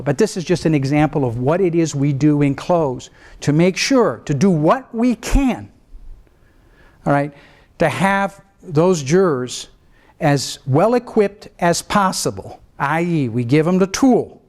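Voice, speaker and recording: Male guest lecturer in law, fairly high voice, casual and talky, restarts sentences, keeps asking the room if they follow. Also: expressive, unhurried, darkish tone. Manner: conversational, checks in with listeners often; restarts and trails off mid-thought.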